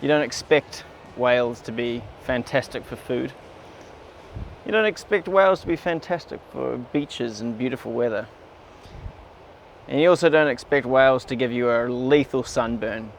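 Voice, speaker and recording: A man's voice: mid-range voice, normal speed, creaky, slight background noise. A man hosting a cooking and travel vlog, talking in a wry, upbeat and self-mocking way, partly outdoors on a hike. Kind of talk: casual vlog talk and scripted voice-over.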